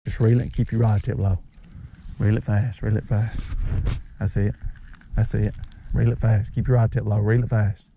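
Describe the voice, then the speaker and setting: Guy in his 30s, fishing vlog on a lake, chest cam, warm low-key voice, yells and coaches his boys. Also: normal speed, gravelly, long pauses, muffled recording, slight background noise. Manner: excitable, coaching and teasing his sons. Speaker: fishing vlogger and father. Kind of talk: casual outdoor fishing vlog. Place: outdoors on a lake. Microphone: chest-mounted action camera.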